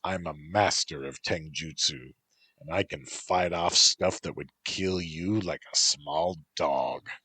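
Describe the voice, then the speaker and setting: A man voicing a gruff, teasing male tengu bodyguard who speaks in a dry, mocking, unhurried way, in a storybook reading. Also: extremely low pitch, bright, forceful tone, dry recording, full character voice.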